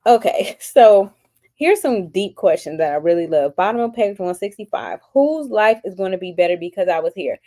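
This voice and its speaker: A woman hosts a live-stream book discussion in a medium-pitched, dark-toned voice with lively intonation at normal speed. Upbeat and gushing, she reads passages aloud and chats with commenters, answering their remarks.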